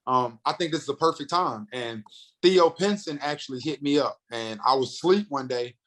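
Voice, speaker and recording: A man in his thirties from North Carolina talks as a podcast guest, with a medium-pitched voice and lively storytelling energy. He speeds up when he gets excited and acts out the voices of the people in his stories. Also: low-quality recording. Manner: animated storyteller, acts out quotes, fast bursts. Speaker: comedian and radio host, podcast guest. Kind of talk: casual interview storytelling.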